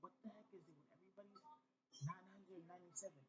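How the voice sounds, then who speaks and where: A woman's voice: fairly low pitch, a little fast, background noise. A woman who works as a parenting life coach, chatting casually on her vlog. She is blunt and swears freely, and she talks straight to her viewers.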